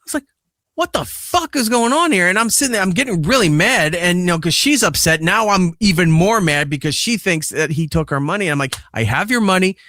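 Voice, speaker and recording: Profane, animated man telling a story. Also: sits high, a little fast, few pauses, dry recording, studio quality. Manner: profane, animated retelling that acts out quoted lines. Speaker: podcast host and father. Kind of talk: casual storytelling chat.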